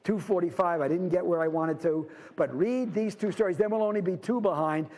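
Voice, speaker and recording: A man's voice: sits high, a little fast, a little mellow. A man teaching a literature class, explaining a story and reading passages from it in a conversational, digressive way. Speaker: literature instructor. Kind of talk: lecture with read-aloud passages. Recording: long reverb from a lecture hall.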